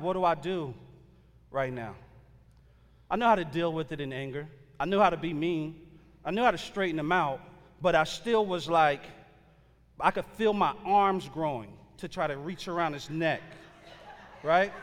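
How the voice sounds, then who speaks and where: A man's voice: high-pitched, a bit bright, long reverb tail. A man preaching a sermon, telling a story in a loose, conversational way with slang and frequent fillers. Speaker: pastor.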